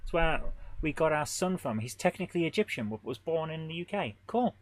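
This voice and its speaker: A man streaming a retro game live, chatting with viewers in a joking manner and reacting loudly to the gameplay. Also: a little high, lively intonation, moderate pace. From Britain. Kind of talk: casual live-stream chat, reading chat aloud.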